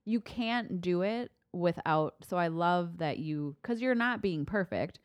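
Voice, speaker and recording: A woman's voice: lowish voice, unhurried, smooth, no echo, studio quality. A woman in her thirties co-hosting a podcast, rambling and correcting herself in casual chat. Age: 30s. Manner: rambling, self-correcting, animated. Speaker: podcast co-host. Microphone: studio mic.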